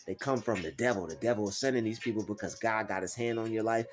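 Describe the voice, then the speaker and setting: A man giving a faith-based motivational talk, preachy and animated, acting out doubters in mocking voices. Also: fairly low pitch, fast, hardly any pauses, soft background music. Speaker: motivational vlogger.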